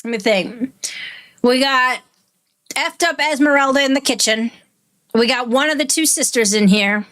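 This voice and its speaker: A woman's voice: sits high, normal speed, a bit bright. A woman giving casual, profane commentary while playing a horror game. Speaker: gaming streamer. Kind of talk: game let's play commentary.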